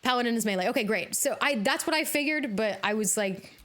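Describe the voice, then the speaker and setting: A woman streaming a video game live, chatting casually with her viewers, bubbly and quick to laugh. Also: fairly high pitch, lively intonation, fairly bright tone. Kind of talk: casual live-stream chat while gaming.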